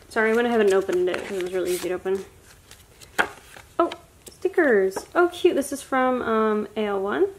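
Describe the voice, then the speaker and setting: A young woman talks casually through an unboxing, gushing and excitable as she gasps over each find. Her voice sits fairly high, and a faint noise floor runs under the home recording. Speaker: vlogger. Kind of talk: casual haul unboxing chat.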